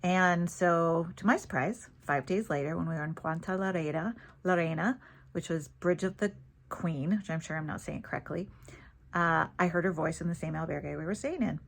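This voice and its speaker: A woman vlogger telling a story in a casual, chatty, animated way, laughing easily. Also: lowish voice, moderate pace, gravelly.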